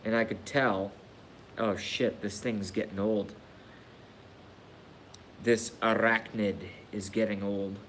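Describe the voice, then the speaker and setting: Slow, low-voiced man ranting on a stream. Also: steady tone, a bit bright, a little hiss or hum. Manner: slow, halting talk with sighs and swearing. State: emotional, grieving. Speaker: YouTube live streamer. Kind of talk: casual live-stream rant.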